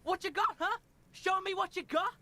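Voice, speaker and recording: A woman's voice: very high voice, normal speed, bright, forceful tone. A woman voicing a cocky, foul-mouthed boy street kid with a Liverpool accent, taunting and talking about himself in the third person. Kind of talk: video game voice acting.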